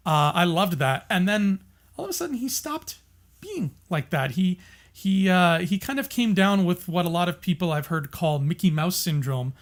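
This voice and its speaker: High-pitched guy on a podcast, super animated, laughs a lot, lots of restarts. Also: moderate pace. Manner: passionate, emphatic. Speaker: podcast co-host. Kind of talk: casual podcast debate.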